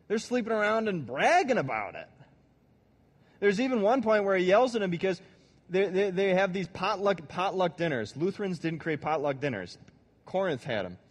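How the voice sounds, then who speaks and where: A man's voice: high-pitched, long reverb tail. A man giving a casual, conversational sermon as a pastor, joking and acting out quotes along the way. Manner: conversational, acts out quotes, jokes.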